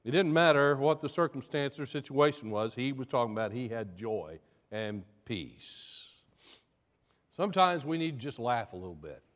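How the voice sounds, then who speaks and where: Emphatic preacher in a reverberant hall. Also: male voice, mid-range voice, lively intonation, normal speed, a bit bright. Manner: preaching with rising emphatic bursts. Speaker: pastor. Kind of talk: sermon with a told joke.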